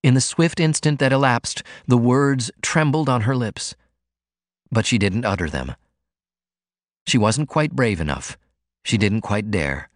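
Expressive male audiobook narrator. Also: mid-range voice, measured pace, long pauses, no echo, clean studio sound. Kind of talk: scripted narration.

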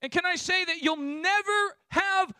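A male preacher in full sermon, his voice pitched very high and pushed bright and forceful. He builds his points with fervor and rises to shouts. The sound is close and dry. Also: measured pace, dry recording. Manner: impassioned, rising to shouts.

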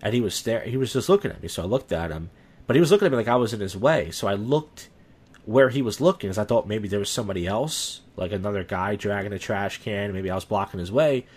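A man's voice: lowish voice, animated, fast talker, darkish tone, slightly rough. A young man chatting casually as a podcast guest, rambling with restarts and acting out quoted dialogue. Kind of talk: casual chat.

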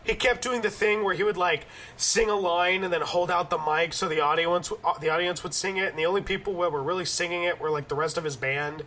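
Male podcast host, high voice, animated and jokey, loose casual delivery. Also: brisk, hardly any pauses. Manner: animated, joking, swears casually. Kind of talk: casual gaming podcast chat.

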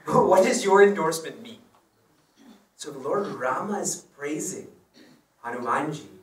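A distant mic picks up this male spiritual teacher, with roomy sound and a little hiss or hum. He's animated and fairly high-pitched, keeping a measured pace while he recounts personal stories casually and chuckles at them during a devotional discourse.

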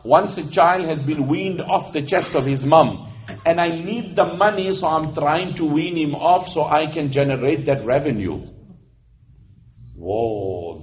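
Man preaching, animated storytelling, fairly high voice, slightly dull recording. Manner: animated, shifts between loud emphasis and hushed narration. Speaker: Islamic preacher. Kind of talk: sermon storytelling.

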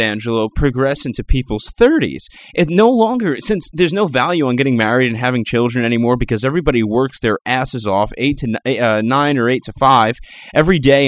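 A man's voice: mid-range voice, dry recording. A man co-hosting a casual talk show, rambling along with many fillers and restarts.

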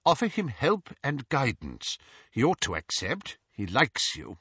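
A man voicing a gentle, very old headmaster wizard with a measured, lightly wry way of talking, as an audiobook character. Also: medium pitch, huge pitch swings, slightly rough, no echo, dull audio, pitched above the performer's own voice, exaggerated voice. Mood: grave. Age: older.

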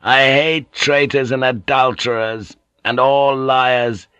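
Brooding, ferocious samurai warlord, read by a male narrator, clipped and threatening, mid pitch. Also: fairly even intonation, slow pace, bright, forceful tone, clean tone, no room sound. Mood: brooding, menacing. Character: ferocious bitter male samurai lord, middle-aged. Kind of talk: audiobook character reading.

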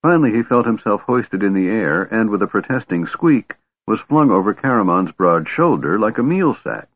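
A man reading a fantasy novel aloud in a measured, steady narration. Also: on the low side, dry recording. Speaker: audiobook narrator. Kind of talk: scripted narration. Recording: tinny phone-like band, dry.

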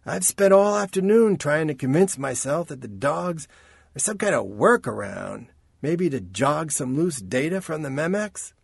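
A man's voice: a little high, big pitch swings, measured pace, gravelly, husky, no echo, voice pushed up, exaggerated voice. A man voicing a flirtatious, wisecracking adult man in an audiobook, speaking in a teasing, coaxing way. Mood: musing. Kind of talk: audiobook character voice.

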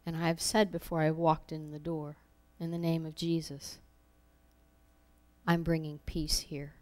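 A woman's voice: low voice, level tone, unhurried, warm tone. A woman giving an informal sermon, telling personal stories in a conversational way with laughs, acting out her own thoughts. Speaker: preacher.

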